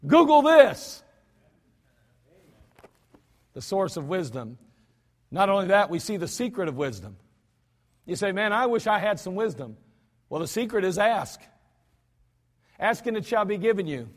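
A pastor's high, very animated voice carries through a church sanctuary at a moderate pace, broken by frequent pauses. The archived service recording has long hall reverb, and his preaching is folksy, emphatic, and heavily repetitive.

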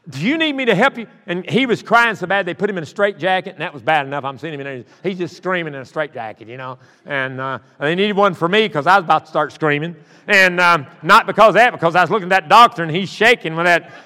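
A man's voice: sits high, fast talker, bright, forceful tone. A middle-aged man preaching a sermon, folksy and rambling, with many restarts as he tells stories. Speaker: pastor. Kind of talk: sermon with storytelling. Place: church sanctuary. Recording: long church reverb.

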